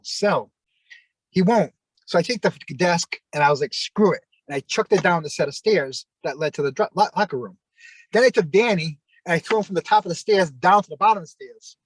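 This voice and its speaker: A man, a former pro wrestler, tells a story in a fairly high voice, animated and profane, with his shouts acted out. The sound is dry, close and without room echo. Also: slightly rough. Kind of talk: casual storytelling in an interview.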